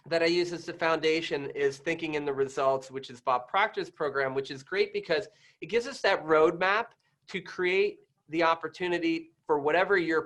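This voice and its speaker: A man guest who is a doctor, chatting casually in a rambling, halting way with many restarts. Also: a little high, a bit bright. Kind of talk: casual interview chat.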